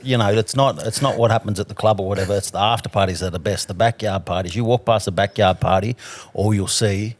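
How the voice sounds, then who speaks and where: Relaxed podcast host, lowish voice. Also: male voice, fast talker. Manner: relaxed, chatty. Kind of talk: casual chat.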